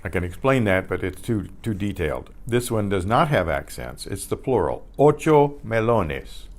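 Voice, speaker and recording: An older man teaching a beginners' Spanish class, patiently repeating each word several times with clear emphasis. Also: low-pitched, big pitch swings, moderate pace. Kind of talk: slow beginner language lesson. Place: community center class for seniors.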